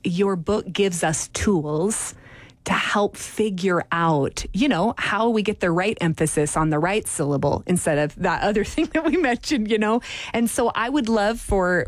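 A woman's voice: mid-range voice, no room sound. A woman hosting a Christian podcast and radio interview, chatting in an encouraging, affirming way. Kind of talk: faith interview chat.

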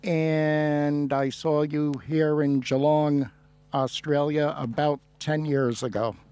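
Man, radio host, slow and rambling, fairly high voice, dry close sound. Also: steady tone, dark tone, clean tone, dry recording. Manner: slow, rambling, reminiscing with restarts. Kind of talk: casual radio interview.

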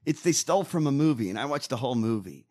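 A man co-hosting a talk show, ranting loudly and swearing constantly in comedic banter. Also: mid-range voice, expressive, fast talker. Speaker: co-host.

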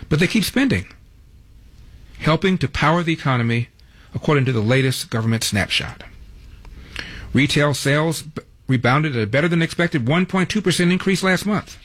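A man's voice: fairly high pitch, fairly bright tone, husky. Wry talk radio host, a man. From Los Angeles. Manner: wry, sardonic commentary.

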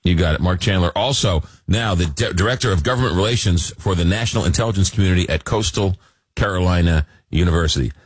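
A man's voice: low voice, fast talker, husky, no room sound. A man hosting a late-night radio talk show, interviewing guests and wrapping up segments.

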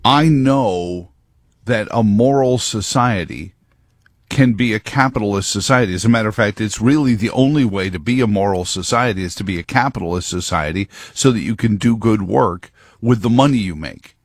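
A man's voice: fairly low pitch, normal speed, dry recording. A man hosting a talk show, giving a rambling, emphatic monologue into a close mic. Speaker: radio talk host. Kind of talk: opinionated monologue.

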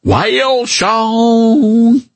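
A drawling hick senator. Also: male voice, very high voice, dry recording, voice pushed up, exaggerated voice. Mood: mocking. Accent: put-on thick Southern drawl. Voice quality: slow drawn-out hick twang. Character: exaggerated folksy drawling Southern senator, middle-aged man.

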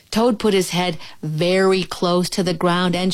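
A woman narrating a children's storybook aloud, slow and expressive, with gentle pauses. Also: lowish voice, dry recording.

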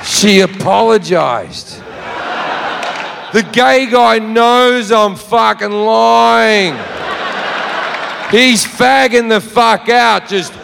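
A man's voice: high-pitched, drawn-out words, gravelly, pauses often, a crowd in the background, noisy background. An Australian man telling a profane stand-up story, brash and swearing freely, recorded live in a reverberant hall. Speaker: stand-up comedian.

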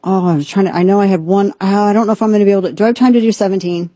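A woman's voice: medium pitch, steady tone, very fast, mellow, no room sound. A woman hosting a radio talk show, commenting in an incredulous, mocking way.

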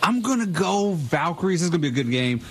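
A man's voice: on the high side, sing-song, fast, fairly bright tone, soft background music. A man as a studio guest on a sports radio show, making picks in an easygoing, amused way. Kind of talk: casual sports betting chat.

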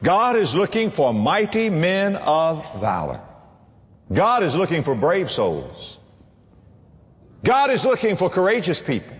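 A man preaching a sermon as pastor, emphatic, swinging between low and high. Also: wildly swooping pitch, unhurried, big-room sound.

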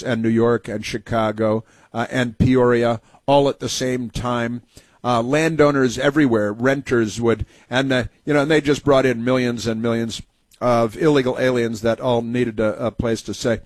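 A man hosting a talk radio show, speaking in a sarcastic, mocking way with many halting fillers. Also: mid-range voice, no room sound.

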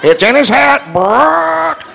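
A shrill, squawking parrot, put on by a man telling a joke, taunts in a voice pitched far above his own. He yells out a magician's tricks in a loud, tattling screech. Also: very animated, takes it slowly, vocal fry, long reverb tail, some chatter behind, slight background noise, exaggerated voice.

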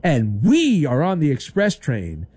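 A middle-aged man hosting a sports talk radio show, delivering a sarcastic, animated monologue and mocking the views he disputes. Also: fairly high pitch, unhurried, husky, no echo, clean studio sound.

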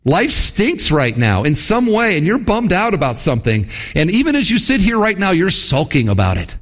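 A man's voice: huge pitch swings, normal speed. A man, a church pastor, preaching a sermon to his congregation and asking them questions, his voice climbing as he presses each point. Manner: preaching with rhetorical questions to the congregation, pitch rising for emphasis. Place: church service.

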